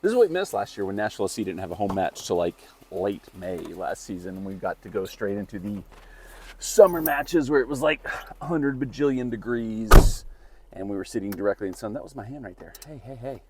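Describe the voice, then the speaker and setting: A man's voice: fairly low pitch, lively intonation, brisk. A man hosting a casual match-day vlog outdoors, talking in a rambling way with lots of "like" fillers. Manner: chatty, rambling with frequent "like" fillers. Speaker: vlogger host. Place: outdoors around town.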